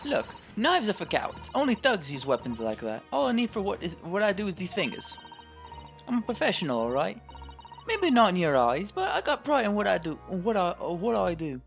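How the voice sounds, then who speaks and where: A man's voice: high-pitched, wildly swooping pitch, normal speed, gravelly, soft background music, pitched above the performer's own voice, exaggerated voice. A man voicing a cocky young female pickpocket. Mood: proud. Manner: brash, defiant, slangy.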